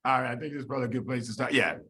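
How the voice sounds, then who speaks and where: A middle-aged man lecturing medical students in an animated, folksy, joking storytelling way. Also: mid-range voice, very fast, low-quality recording. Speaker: medical school biochemistry lecturer.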